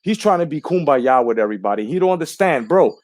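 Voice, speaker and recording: A man's voice: fairly high pitch, lively intonation, quick pace, a little mellow. A man with a slightly raised voice tells a grievance in a heated, indignant, profane tone. He is a boxing channel commentator giving a casual monologue, recorded with a close, dry sound and no room echo.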